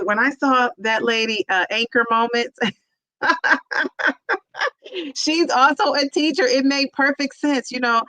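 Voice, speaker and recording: Bright, chatty woman hosting a livestream. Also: on the high side, no echo, low-quality recording. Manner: chatty, laughs often, drawn-out sing-song repeats of names. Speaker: livestream host and teacher. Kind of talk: casual livestream chat reading viewer comments.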